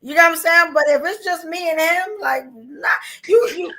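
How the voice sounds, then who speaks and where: A woman's voice: very high voice, moderate pace, a crowd in the background. A woman hosting a live podcast, chatting casually in slangy talk and reading viewer messages aloud. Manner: animated, slangy, reads super chats aloud. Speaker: podcast host. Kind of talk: casual live-stream chat.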